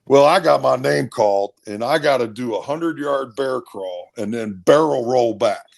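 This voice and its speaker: Sixties ex-football guest, gravelly, punchy storyteller. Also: male voice, medium pitch, normal speed. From Maryland, USA. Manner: lively, punchy anecdotes with repeats. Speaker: former football player, guest. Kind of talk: animated storytelling.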